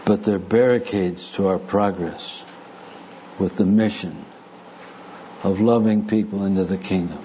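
A man delivers a sermon at a slow, measured pace. His voice sits low and warm, and he speaks deliberately with touches of dry humor. The recording is slightly muffled, with a faint hiss underneath. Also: fairly even intonation. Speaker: preacher. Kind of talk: sermon with audience discussion.

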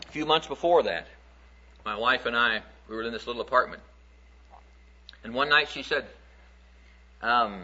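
A man's voice: medium pitch, moderate pace, long pauses, sharp tone, husky. A man preaching a sermon through folksy, conversational storytelling, acting out the stories he tells. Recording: dull lo-fi recording.

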